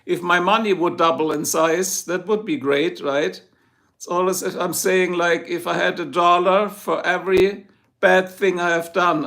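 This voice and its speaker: A man's voice: fairly high pitch, creaky, fairly bright tone. A man from Germany with a German accent, casually chatting with viewers on his livestream, joking and greeting people by name. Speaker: livestream host. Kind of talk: casual live chat reading comments. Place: home in Ohio.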